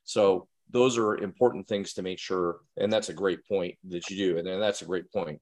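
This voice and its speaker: Man, fairly low voice, instructor, earnest, direct, asks the audience questions. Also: steady tone, normal speed, a little mellow. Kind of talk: instructional talk to parents and educators.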